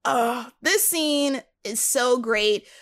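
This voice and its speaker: A woman co-hosting a casual podcast, excitedly retelling horror movie scenes with giggles and quoted lines. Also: on the high side, drawn-out words. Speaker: podcast co-host. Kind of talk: casual movie review chat.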